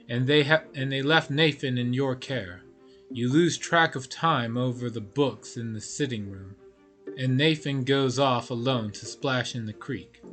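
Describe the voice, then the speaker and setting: A man's voice: medium pitch, a bit bright. A man streaming a story game, reading the narration aloud with offhand asides.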